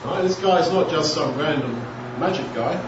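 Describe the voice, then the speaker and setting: A male preacher walks through a scripture passage in a conversational way, full of rhetorical questions and quick acted-out scenes. His voice sits a little high and comes from a distance. The recording is dull and noisy, with a big echoing room. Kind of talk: expository sermon.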